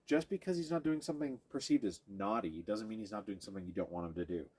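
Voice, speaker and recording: Here a man with a lowish, darkish, slightly rough voice talks fast. In a hands-on training demo, he explains each step to his audience while working with a dog, interrupting himself now and then to praise or coax it.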